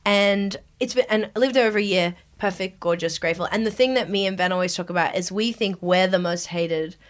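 A woman's voice: medium pitch, a little fast. A young woman co-hosting a casual chat podcast, telling stories with lots of laughter and acted-out quotes. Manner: animated storyteller, laughs often, acts out quotes. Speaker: podcast co-host.

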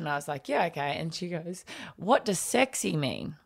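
A woman's voice: fairly low pitch, moderate pace, creaky. A woman telling a family story in casual chat, laughing often as she goes. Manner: animated, laughs often while telling stories.

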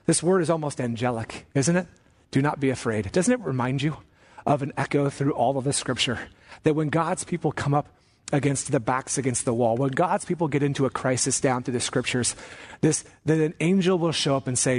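A male pastor delivers a sermon with a fairly high voice. He preaches emphatically, slowing down and climbing in pitch to drive key commands home. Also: lively intonation, breathy edge.

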